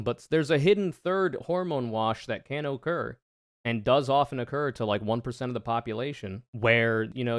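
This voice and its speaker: Brief: male streamer, mid-pitched voice, dry close sound, sarcastic and swearing freely. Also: clean tone, dry recording. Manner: profane, sarcastic, animated ranting. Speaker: streamer reacting to debate clips. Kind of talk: casual reaction commentary.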